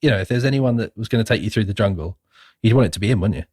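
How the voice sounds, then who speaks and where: Animated man with a lively voice. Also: racing, slightly rough, dry recording, clean studio sound. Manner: animated storyteller, acts out scenes with sudden high squeaky voices. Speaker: podcast co-host. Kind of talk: casual film review chat.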